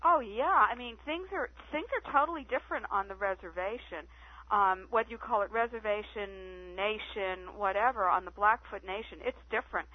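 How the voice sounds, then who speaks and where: A woman guest telling stories on a phone-in radio interview, chatty and animated. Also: medium pitch, normal speed, dry recording. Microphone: telephone. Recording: tinny phone line, dry.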